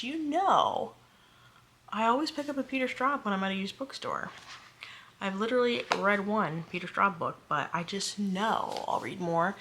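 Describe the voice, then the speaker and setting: A woman's voice: medium pitch, sharp tone. A young woman chatting casually on a book vlog at home, rambling and self-deprecating, recorded on a camera mic. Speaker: book vlogger. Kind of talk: casual chat.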